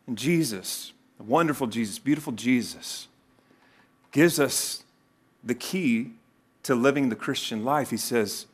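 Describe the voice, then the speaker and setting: Animated man preaching a sermon. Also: measured pace, breathy edge. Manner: animated preaching, acts out quoted voices with sudden pitch jumps. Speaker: pastor.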